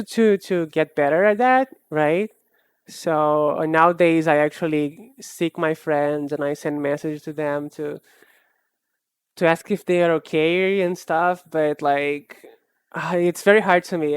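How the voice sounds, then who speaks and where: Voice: mid-range voice, steady tone, measured pace, clean tone, no room sound. An art streamer in casual live-stream chat, rambling and self-deprecating, often laughing and restarting sentences.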